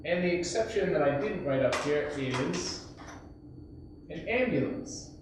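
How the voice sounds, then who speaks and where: A man teaching an English grammar lesson, explaining patiently and acting out shouted examples. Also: on the high side, lively intonation, a little slow. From United States. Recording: echoey, distant, dull lo-fi sound with faint hiss.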